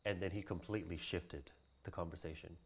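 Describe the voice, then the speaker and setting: A man's voice: low voice, fairly even intonation, fairly quick, slightly rough. A man telling a story in a casual interview, laughing often and acting out the voices of the people he quotes. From Hawaii. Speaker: guest, cultural practitioner.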